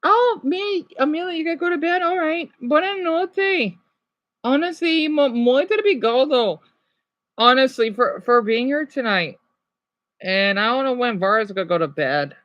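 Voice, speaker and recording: A woman livestreaming casually, reading practice words aloud and chatting with her viewers, excitably exclaiming at surprises. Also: sits high, normal speed, no room sound. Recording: dull lo-fi sound.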